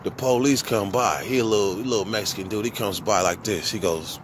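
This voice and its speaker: A man casually telling a long story from his own past, with profane, slangy speech and animated quoted dialogue. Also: on the low side, brisk, noisy background. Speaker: vlogger.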